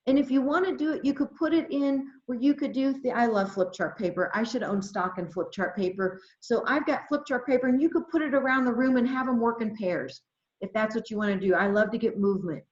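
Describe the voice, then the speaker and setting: A woman leading an adult education webinar, talking to teachers with lots of excitement and reading chat replies aloud over a computer microphone. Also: on the high side, fairly quick. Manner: enthusiastic, exclamatory, reads chat aloud. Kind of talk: webinar presentation. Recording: roomy, slightly dull webinar audio.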